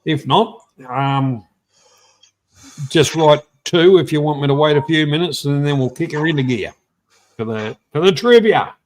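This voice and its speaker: Blunt, rambling Australian man hosting a livestream. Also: measured pace. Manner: rambling and blunt, greets viewers by name with lively swings in pitch. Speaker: livestream host. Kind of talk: casual live-stream chat.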